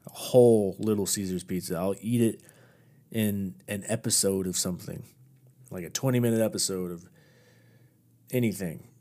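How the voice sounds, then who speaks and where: A man's voice: fairly low pitch, normal speed, pauses often, warm tone. A man hosting his own podcast alone, chatting casually in a rambling, self-deprecating way. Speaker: podcast host. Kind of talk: casual solo podcast chat.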